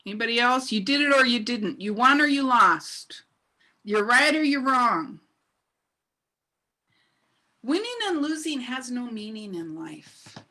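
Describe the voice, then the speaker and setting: A woman's voice: a little high, lively intonation, unhurried, long pauses, bright, forceful tone. A middle-aged woman minister giving a sermon, telling a story with laughter and asking her congregation questions.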